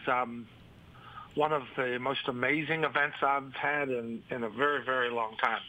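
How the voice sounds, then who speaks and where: A man telling a story on a radio show in a measured, halting way with many ums. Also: mid-range voice, sharp tone, low-quality recording. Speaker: regular radio guest.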